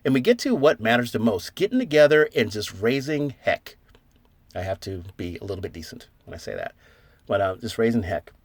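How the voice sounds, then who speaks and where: A man's voice: mid-range voice, big pitch swings, brisk, no echo. A man hosting a casual vlog, telling a jokey made-up story and laughing as he acts out the dialogue. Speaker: silver stacking channel host.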